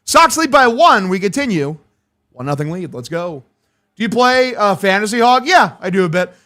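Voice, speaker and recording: A young man streaming a game watch-along, calling the plays and excitedly thanking his chat, swearing freely. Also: sits high, moderate pace. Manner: hyped, profane, thanking chat. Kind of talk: live watch-along play-by-play.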